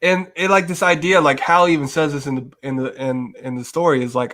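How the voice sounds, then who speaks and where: A man's voice: a little high, fairly even intonation, fairly quick, a bit bright. A man co-hosting a podcast, agreeing often and chiming in about comics casually. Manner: agreeable, frequent backchannel yeahs and laughs. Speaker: podcast co-host.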